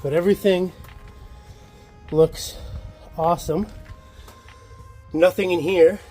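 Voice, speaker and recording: Upbeat chatty man, high-ish voice. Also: fairly even intonation, takes it slowly, warm tone, slightly rough, soft background music. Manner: upbeat and chatty, self-assured. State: a little out of breath. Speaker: channel host. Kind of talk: casual DIY vlog narration.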